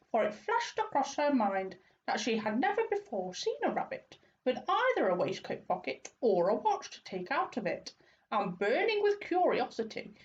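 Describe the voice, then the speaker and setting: Expressive woman reading a storybook. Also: a little high. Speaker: school reader. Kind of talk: reading a children's book aloud. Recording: dull lo-fi recording with faint noise.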